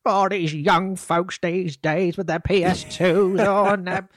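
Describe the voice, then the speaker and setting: A man's voice: sits high, level tone, takes it slowly, no room sound, studio quality, pitched above the performer's own voice. A man voicing a grumpy old man complaining about young people, in a mocking, exaggerated grumble.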